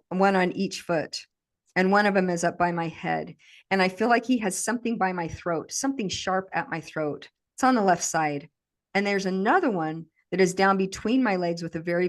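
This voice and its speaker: A woman with a fairly low voice, speaking as a podcast guest. She relives a traumatic memory aloud in vivid present tense, with steady intensity.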